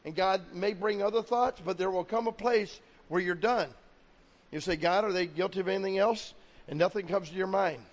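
High-voiced preacher in a reverberant hall. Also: male voice, normal speed. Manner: preaching with acted-out quotes of God and people. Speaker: pastor. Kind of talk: sermon.

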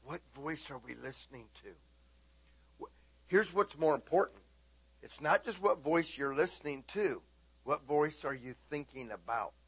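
A male preacher delivering a sermon at an unhurried pace. He is animated, rising to loud exclamations and dropping to a hush. The sound is dry and close. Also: mid-range voice, husky, no room sound. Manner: animated, swings from loud to hushed.

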